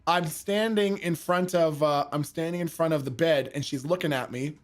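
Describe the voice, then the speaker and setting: A high-pitched man tells a story with lots of energy. He laughs often, swears freely and jumps into loud impressions of what people said. Faint music plays underneath. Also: normal speed. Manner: animated, laughs often, acts out drunken quotes in a raised voice, swears freely. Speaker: streamer telling a story. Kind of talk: casual storytelling.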